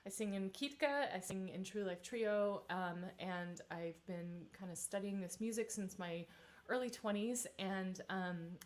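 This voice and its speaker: A woman in her thirties, a vocal coach leading a live-streamed singing warm-up, chatty and encouraging, with many fillers. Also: medium pitch, a little slow.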